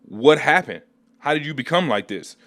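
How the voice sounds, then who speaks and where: A man voicing a sharp-tongued talking computer that scolds its companion in slangy speech. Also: on the high side, expressive, normal speed, gravelly, no echo, clean studio sound. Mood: reproachful.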